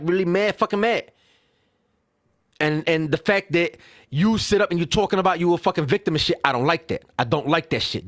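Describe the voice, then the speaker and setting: Casting: man, podcast co-host, heated profane rant, slightly higher voice, dry sound. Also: no room sound. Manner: animated, profane, ranting with rhetorical "right?". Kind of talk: casual heated chat.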